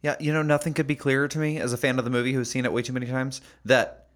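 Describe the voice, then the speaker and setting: A man's voice: mid-range voice, steady tone, racing. A man co-hosting a podcast, teasing and giggling through casual chat. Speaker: podcast co-host.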